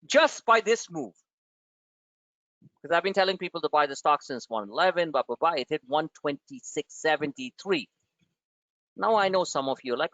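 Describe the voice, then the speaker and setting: A man's voice: fairly high pitch, big pitch swings, normal speed, fairly bright tone, no echo, lo-fi sound. A man hosting a trading webinar, blunt and emphatic, firing off rhetorical questions at his listeners.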